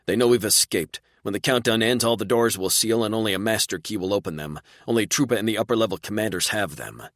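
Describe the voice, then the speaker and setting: A man's voice: fairly low pitch, fast, fairly bright tone, no echo, studio quality, voice pushed up. A man voicing a reckless, joking male alien warrior who speaks in a raised, urgent way.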